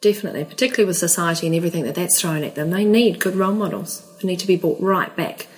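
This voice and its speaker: A woman with a New Zealand accent speaks as a podcast guest. Her voice sits a little low, and she talks in a calm, soothing, earnest way. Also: rapid-fire, poor audio. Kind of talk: casual chat.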